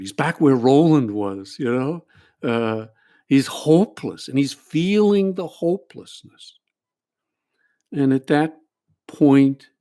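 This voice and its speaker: A male priest and addiction counselor walks a listener through a group therapy exercise, with a dark, mellow tone. He speaks earnestly and stumbles through repeated restarts. He keeps pausing to check in with "all right?". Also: medium pitch.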